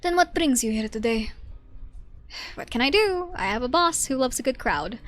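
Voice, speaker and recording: A woman reading as a calm, level-headed game courier. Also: high voice, moderate pace. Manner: calm, even line reading in her own voice. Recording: faint game music behind.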